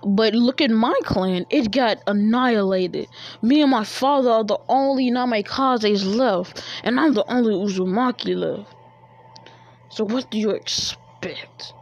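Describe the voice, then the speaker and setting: A woman's voice: a little high, measured pace, a little mellow, lo-fi sound. A woman casually telling a made-up fan story, rambling and slangy with many fillers.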